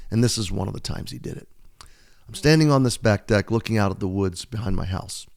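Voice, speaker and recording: A man in his fifties, an American devotional Bible teacher, giving an earnest, heartfelt, unhurried talk and reading aloud. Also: lowish voice, vocal fry, a little mellow. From United States. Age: 50s.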